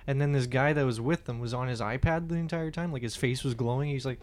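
A man co-hosting a comedy podcast in casual chat, telling stories and loudly acting out the people in them. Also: medium pitch, a little fast. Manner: animated storyteller, acts out quoted voices loudly. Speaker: podcast co-host.

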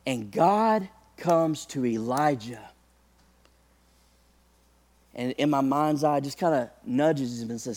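A man's voice: mid-range voice, lively intonation, slow pace, long pauses, darkish tone. A male preacher delivering a sermon, talking conversationally to the congregation and building to impassioned peaks.

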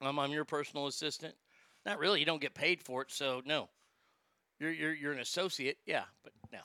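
A man's voice: a little high, fairly quick, bright, forceful tone, dry recording. A man hosting a ranting commentary, sarcastic and incredulous, swearing freely. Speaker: commentary host.

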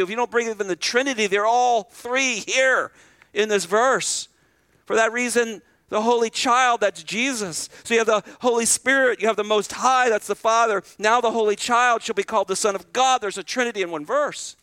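Pastor, male, bright high voice, dry close sound, preaches in a conversational way, asks questions, repeats words. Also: fairly quick, smooth, no room sound. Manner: repeats words when starting sentences. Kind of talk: sermon.

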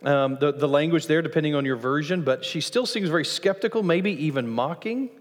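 A man preaching a sermon as pastor of a church, lively, acting out voices from the passage as he teaches. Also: a little fast. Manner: animated, acts out quoted voices with rising pitch. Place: church sanctuary. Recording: long church reverb.

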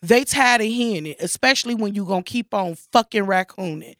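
A woman's voice: mid-range voice, a little fast, fairly bright tone, dry recording, studio quality. A woman co-hosting casual banter, blunt and profane, talking with heavy emphasis. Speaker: co-host.

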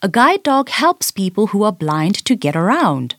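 A woman's voice: mid-range voice, big pitch swings, normal speed, no echo, clean studio sound. A woman voicing a caring mother who gives plain explanations. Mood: informative.

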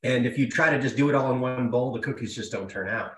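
A man's voice: mid-range voice, fast talker, echoey room. A man chatting enthusiastically as a guest on a cooking show, sometimes talking with food in his mouth. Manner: enthusiastic, talks while eating. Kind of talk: casual chat.

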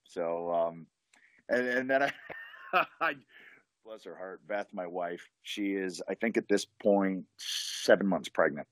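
A man's voice: sits low, slow, fairly bright tone, no echo. A man, a professional wrestler, is a podcast guest. He tells a story with eager, rambling enthusiasm, full of restarts. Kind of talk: animated storytelling in casual chat.

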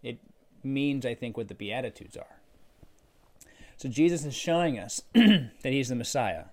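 A middle-aged man preaching a sermon as a pastor, conversational in tone, who builds to loud, emphatic peaks and then drops back low and quiet. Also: expressive, a little slow.

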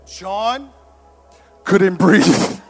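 A male pastor with a fairly high voice preaching in a church. He tells lively stories and laughs at himself along the way. Soft music plays underneath. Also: extremely slow, creaky. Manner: animated storytelling, laughing at himself. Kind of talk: sermon.

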